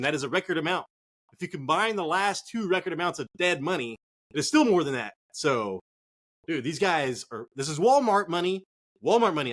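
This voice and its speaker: A man's voice: a little high, a bit bright. A man co-hosting a fantasy football show from a cold garage, rambling and joking with plenty of swearing. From Northern California. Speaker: podcast co-host. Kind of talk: casual profane sports chat.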